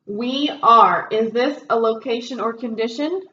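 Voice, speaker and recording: A woman's voice: a little high, unhurried, bright, forceful tone, reverberant, dull audio. A woman teaching a Spanish review lesson, explaining grammar step by step with frequent ums. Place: classroom.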